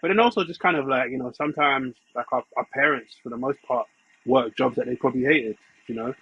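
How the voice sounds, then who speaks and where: Rich: A young man from England talks in a relaxed, rambling way, leaning on fillers. His voice is husky and a little breathy. The recording is dry and somewhat dull, as if muffled. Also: mid-range voice, fast, no room sound. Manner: laid-back, lots of fillers like "you know what I mean". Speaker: podcast guest. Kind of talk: casual chat.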